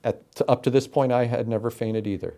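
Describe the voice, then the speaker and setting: A middle-aged man from Florida, an interview guest telling his story with animated, emphatic delivery and acted-out quotes. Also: medium pitch, fairly quick, creaky. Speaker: interview guest, game show announcer.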